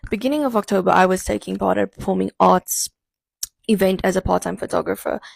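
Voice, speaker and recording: A young woman with a steady, creaky mid-range voice talks fast in a recording with no echo. In a storytime vlog, she tells a personal story to camera in a dry, sardonic way, repeating a catchphrase between beats.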